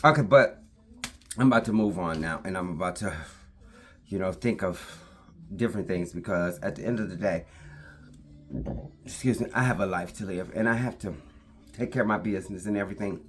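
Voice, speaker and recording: A woman's voice: a bass voice, a little fast, pauses often. Chatty woman vlogging, emphatic and repetitive. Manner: breaks off to talk to her puppy. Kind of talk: casual talk to camera.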